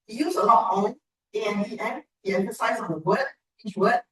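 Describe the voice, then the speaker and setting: A woman giving a measured, encouraging speech evaluation at a club meeting. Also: medium pitch, a bit bright, slight background noise. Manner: measured, encouraging feedback with pauses. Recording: echoey room from far off.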